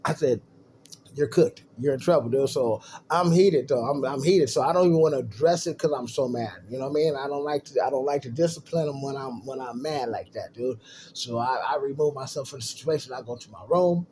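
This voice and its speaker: A man's voice: mid-range voice, a little fast, slight background noise. A man telling a story in a casual, slangy, profane way, acting out what others said. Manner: animated, profane and slangy, acts out quotes.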